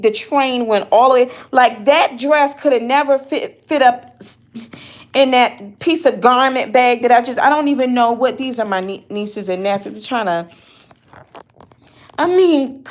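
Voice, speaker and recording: A woman talking in an upset, rambling vlog, often stopping and restarting her sentences. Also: a little high. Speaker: vlogger. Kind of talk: emotional personal vlog.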